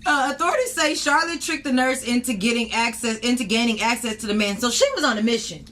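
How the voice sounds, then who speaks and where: A woman's voice: a little high, fast talker, pushed and bright. A woman co-hosting a casual podcast, telling news stories in a blunt, profane, jokey way. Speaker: podcast co-host. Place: indoor podcast set.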